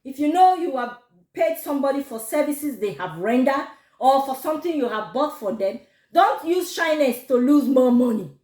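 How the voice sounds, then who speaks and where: A woman with a Nigerian accent telling a personal story to camera, animated and quick to laugh. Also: high voice. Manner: animated, laughs often, gives advice. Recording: echoey room.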